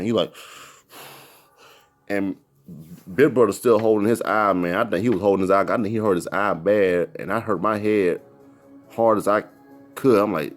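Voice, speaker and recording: A man's voice: lowish voice, normal speed, long pauses, faint music behind. A man telling a personal story in a casual, rambling, repetitive way. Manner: rambling, repetitive, animated retelling.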